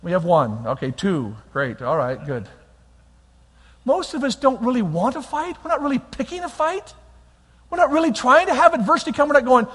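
High-voiced man preaching in a reverberant hall. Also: moderate pace, husky. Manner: lively preaching, swinging between quiet and loud. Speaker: pastor. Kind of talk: sermon.

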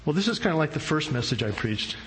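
A man's voice: fairly high pitch, sing-song, fast talker. A male pastor preaching a sermon in a casual, slangy, humorous storytelling way. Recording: long hall reverb, faint noise.

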